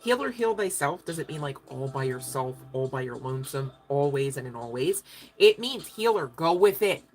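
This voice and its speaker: A tarot reader gives a casual spiritual reading in a very deep, animated, slightly mellow voice at a moderate pace. She is emphatic and chatty, checks in with her listeners often, and swears offhandedly.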